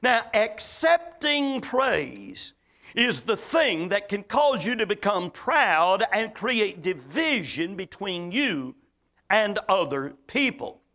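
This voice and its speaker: A preacher from the American South, with a Southern accent, giving a folksy, emphatic sermon full of stories and quotes. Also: male voice, sits high, sing-song, takes it slowly, sharp tone.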